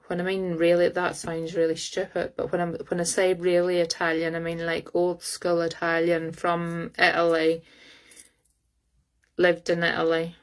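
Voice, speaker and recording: A woman giving a live-streamed psychic reading over her phone, talking in a halting way as she searches aloud for words. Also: on the low side, completely flat delivery, smooth. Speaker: psychic medium.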